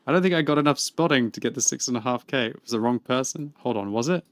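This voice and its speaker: Guy streaming a tank game, chatty, laughs loads, yells when things go wrong, mid-pitched voice. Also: fast, few pauses. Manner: chatty, laughs a lot, excitable outbursts. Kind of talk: live gaming stream commentary.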